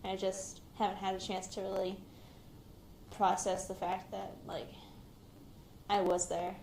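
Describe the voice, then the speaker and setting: A young woman speaks in a hesitant, reflective way, often pausing to gather her thoughts. Her voice sits at an ordinary middle pitch. The room around her is echoey, and a faint hiss of noise runs underneath. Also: flat delivery, creaky. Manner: hesitant, reflective, quiet-spoken. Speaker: shooting survivor, active military member. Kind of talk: recounting a personal experience in an interview. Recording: roomy recording with faint background noise.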